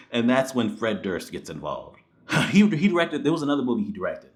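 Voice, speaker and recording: A man gives a casual spoken movie review, animated and exasperated, swearing freely and laughing often. His voice is mid-range and his pace moderate.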